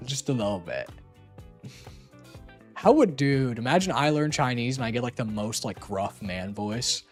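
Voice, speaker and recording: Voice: medium pitch, expressive, measured pace, soft background music. A streamer chatting casually on a call, rambling and teasing playfully with lots of filler words.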